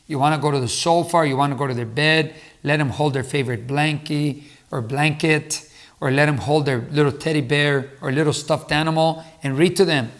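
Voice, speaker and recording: A man's voice: on the high side, steady tone, normal speed. A middle-aged man, a former teacher, giving earnest advice to camera in a casual talk, with restarts and repeated words. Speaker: motivational speaker and former teacher.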